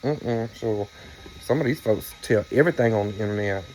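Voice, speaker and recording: A male vlogger chats casually to camera, rambling through stories with playful, teasing asides for his viewers. His lowish, slightly mellow voice keeps a moderate pace, with slight background noise.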